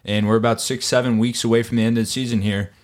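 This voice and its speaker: Man hosting a podcast, animated and profane. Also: medium pitch, quick pace. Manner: animated, swearing, acts out others in exaggerated voices. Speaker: podcast host. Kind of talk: casual chat.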